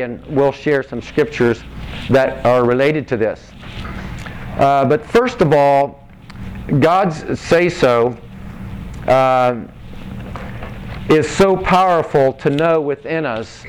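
A man's voice: fairly high pitch, slight background noise, poor audio. A man preaching a conversational sermon to a congregation, reading scripture and asking the room questions. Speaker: pastor.

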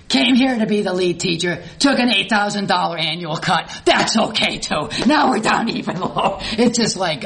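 A middle-aged woman giving a personal testimony in a church hall, telling her story with lively acted-out dialogue. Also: on the low side, normal speed. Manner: animated storyteller who acts out her own past dialogue. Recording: roomy echo, faint background noise.

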